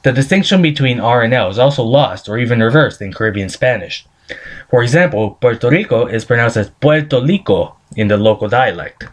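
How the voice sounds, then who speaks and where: A man's voice: medium pitch, expressive, a little fast. A man reading a scripted screencast presentation, carefully sounding out pronunciation examples. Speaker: student presenter.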